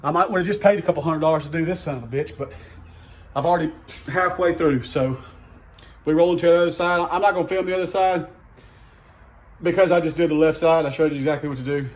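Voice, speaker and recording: Speaking quickly but pausing often, this man has a slightly high voice and a Southern US accent. He's a DIY vlogger filming a truck repair in his garage at home, and his workshop rant is loose, rambling, exasperated and full of swearing.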